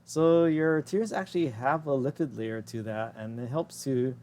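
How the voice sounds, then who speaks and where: A man teaching an anatomy and physiology lesson over slides, explaining in a casual way that often corrects itself mid-sentence and drifts into quick asides. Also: mid-range voice, warm tone, a little hiss or hum. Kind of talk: recorded lecture over slides.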